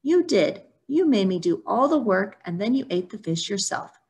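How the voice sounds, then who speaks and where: A woman's voice: medium pitch, animated, normal speed, darkish tone, natural voice. A woman voicing a greedy, lazy male spider trickster in a storybook reading, eager and whiny.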